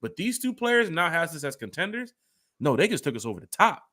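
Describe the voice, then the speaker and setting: A man's voice: a little high, fairly quick. A man hosting a sports fan podcast in casual, rambling talk aimed at his co-host. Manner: animated, rambling, talks straight to his co-host.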